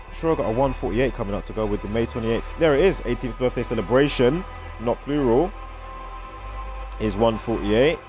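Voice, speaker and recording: A man's voice: mid-range voice, a little mellow. Rambling British man reeling off numbers. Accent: British English. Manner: rambling, reels off strings of numbers. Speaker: vlogger. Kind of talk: casual numerology commentary.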